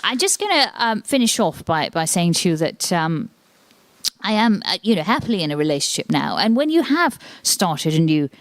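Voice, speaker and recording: A woman's voice: on the low side, big pitch swings, moderate pace, no room sound. A woman in her forties doing a self-deprecating stand-up set into a handheld mic, slipping into little acted asides. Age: 40s. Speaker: stand-up comedian. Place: library set up as a TV studio. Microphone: handheld microphone.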